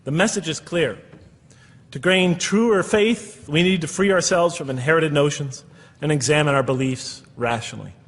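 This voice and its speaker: An earnest man lectures an audience and poses one rhetorical question after another. His voice sits fairly high with a breathy, husky edge. The sound rings with a long reverb from the hall. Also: normal speed. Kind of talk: public lecture.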